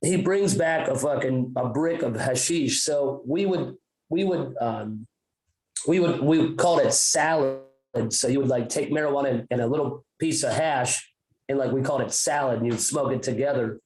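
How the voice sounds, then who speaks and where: A man's voice: medium pitch, moderate pace, darkish tone. Rambling, swearing man in an echoey room. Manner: rambling, profane storytelling with many restarts. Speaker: podcast co-host. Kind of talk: casual chat.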